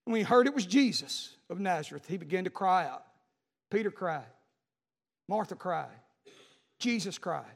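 A man preaching a fervent sermon to his church, swinging from shouts to hushed, pleading tones. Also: sits high, creaky, long reverb tail. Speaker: pastor. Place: church sanctuary.

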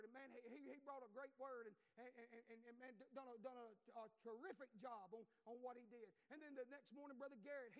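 A man's voice: extremely high pitch, big-room sound. A man, preaching a fervent, repetitive sermon that swells as he goes.

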